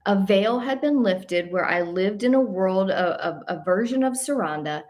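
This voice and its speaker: A woman hosting a spiritual talk show, telling a story at home in a casual, animated way, with many restarts and little laughs, sometimes dropping to a whisper. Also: mid-range voice, moderate pace. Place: at home on a couch by a window.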